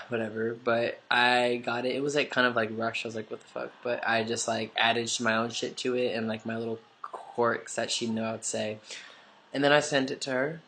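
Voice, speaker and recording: Stuffy-nosed man rambling in a flat voice. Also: mid-range voice, moderate pace, slight background noise. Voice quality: stuffy nose. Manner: rambling, full of "like" and casual swearing. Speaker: vlogger. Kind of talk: casual confessional storytelling.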